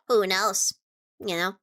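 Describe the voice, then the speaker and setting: A woman's voice: mid-range voice, a bit bright. A young woman streamer chatting casually with her viewers, playful and teasing as she answers questions.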